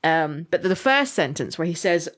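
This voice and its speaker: A woman's voice: lowish voice, normal speed. Laughing woman with a Somerset accent. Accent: Somerset English. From England. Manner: animated, laughs often, playful asides. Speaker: podcast co-host. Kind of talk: casual chat.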